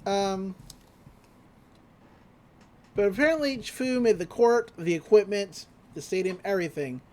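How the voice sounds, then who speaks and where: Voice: medium pitch, measured pace, a little mellow. A podcast host rambles through a scene-by-scene anime recap. The delivery is loose and chatty, with frequent fillers and casual swearing. It sounds like friends talking rather than a scripted show.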